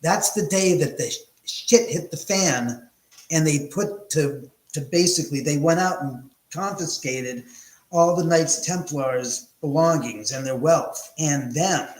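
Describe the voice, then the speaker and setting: Middle-aged male livestream host, rambling, self-correcting, slightly high voice, echoey room. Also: measured pace. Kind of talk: casual livestream chat. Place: house, indoors.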